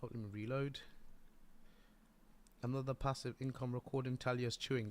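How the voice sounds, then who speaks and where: A man chatting excitedly and swearing while live-streaming and showing off his game. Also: mid-range voice, moderate pace, pauses often. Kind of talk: casual live-stream chat.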